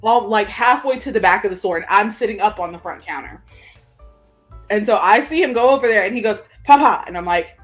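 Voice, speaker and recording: A woman co-hosting a casual chat show over a video call, telling animated stories and acting out the people in them. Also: medium pitch, a little fast, soft background music. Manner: animated, acts out voices while telling stories. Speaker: podcast co-host. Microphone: video call setup.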